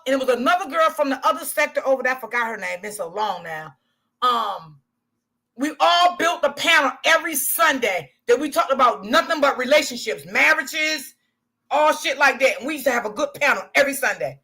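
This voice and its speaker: This clip features a woman hosting a casual livestream, chatting candidly with her viewers, cursing freely and laughing a lot. Her voice is high-pitched and bright, with a forceful tone.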